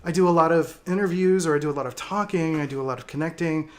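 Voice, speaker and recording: A man with a fairly high voice chats loosely on a livestream and answers viewer comments. He talks in a reflective, open way. He often pauses, restarts and fills gaps with "um" and "you know.". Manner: reflective, hesitant, many fillers. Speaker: livestream host. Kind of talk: casual livestream chat, reading viewer comments.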